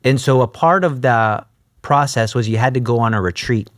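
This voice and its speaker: A man's voice: medium pitch, normal speed, no room sound, clean studio sound. A man telling his story as an interview guest, acting out the voices of the people in it. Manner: animated, acts out quoted voices. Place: podcast studio.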